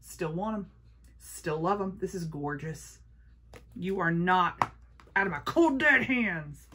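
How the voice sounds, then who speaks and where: A woman vlogger chatting casually through a makeup haul, gushing and playful, sometimes dropping to a hush. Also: on the low side, expressive, takes it slowly, background noise. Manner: gushing, playful, talks to her palettes.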